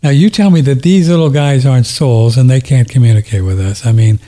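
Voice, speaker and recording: A man hosting a casual conversation, telling gentle stories and often repeating words. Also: mid-range voice, brisk. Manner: warm-hearted, repeats words, soft-spoken stories.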